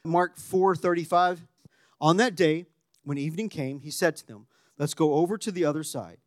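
A man preaching a sermon, animated and conversational, dropping to a hushed voice when acting out quotes. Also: fairly high pitch, normal speed, no room sound, clean studio sound. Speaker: pastor.

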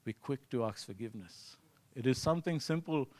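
A man's voice: mid-range voice, lively intonation, a little fast, a little mellow. A man preaching a sermon in a conversational way, often asking "you see" and acting out his own thoughts. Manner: acts out his own inner voice in quotes.

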